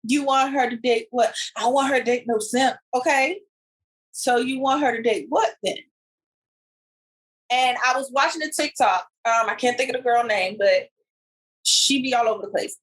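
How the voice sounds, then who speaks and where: Animated woman podcast co-host. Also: a little high, normal speed, pauses often, poor audio. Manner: animated storyteller, retells clips with quoted voices. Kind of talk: casual chat.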